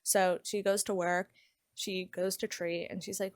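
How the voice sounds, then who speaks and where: This book vlogger, a young woman, has a medium-pitched, unhurried voice captured in a dry, studio-quality recording. She chats through a novel's plot in a casual, lively way, saying "like" constantly while recounting scenes.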